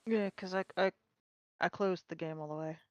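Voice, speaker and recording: A woman streaming a farming game with a friend, playful and full of quick questions. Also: lowish voice, steady tone, no room sound. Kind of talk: casual co-op gameplay chat. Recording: dry, dull lo-fi mic.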